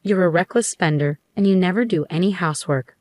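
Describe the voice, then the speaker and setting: A woman reads as a resentful ex-husband who grumbles about his marriage and wheedles to win someone back. The voice sits a little low and sounds dry and close. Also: fairly quick, darkish tone, no room sound, lightly acted.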